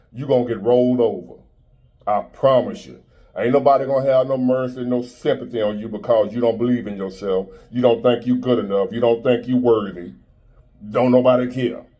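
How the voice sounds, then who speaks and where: Blunt motivational guy in his 50s, street talk, mellow dark voice. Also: mid-range voice. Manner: blunt, preachy, street-talking. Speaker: motivational speaker. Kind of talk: motivational monologue.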